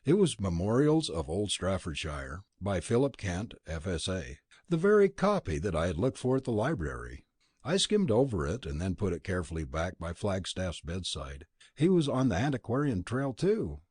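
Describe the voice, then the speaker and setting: A man reading a novel aloud as an audiobook narrator, expressive and dropping low on the speech tags. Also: normal speed, husky, dry recording, clean studio sound. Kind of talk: scripted narration.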